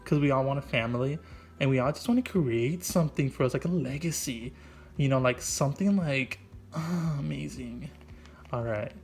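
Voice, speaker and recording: A man's voice: medium pitch, normal speed, darkish tone, soft background music. Rambling goofy man in a comic voice-over. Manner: rambling and goofy, full of "like" and "right?". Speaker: vlogger doing a comic makeup voice-over. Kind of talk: improvised comedic voice-over. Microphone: voice-over mic.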